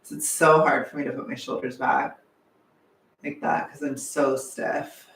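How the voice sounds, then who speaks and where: A young man chatting casually on a livestream, animated and chatty, sometimes swearing, laughing often, heard from a distance. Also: medium pitch, measured pace, creaky, slight background noise. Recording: echoey room, away from the mic.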